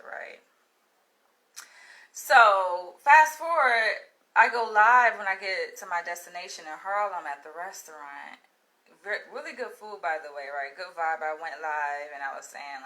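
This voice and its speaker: A Florida woman vlogs casually for her followers, telling a story in a blunt, profane, animated way. Her pitch is medium, and the audio quality is poor.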